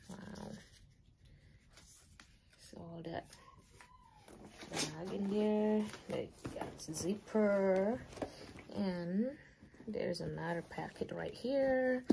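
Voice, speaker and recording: A giddy young woman chats through a home unboxing, slow and unhurried, her voice gravelly with fry. She gushes, giggles and slips into awed whispers. The home video carries clear background noise. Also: mid-range voice. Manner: gushing, giggly, drops to whispers in awe. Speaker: vlogger unboxing a gift. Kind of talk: excited casual unboxing chat.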